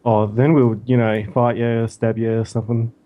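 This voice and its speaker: A man's voice: mid-range voice, level tone, moderate pace, narrow, tinny audio. A man with an Australian accent chatting in a laid-back, easygoing way as a guest on a game stream. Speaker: guest co-player. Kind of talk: casual chat.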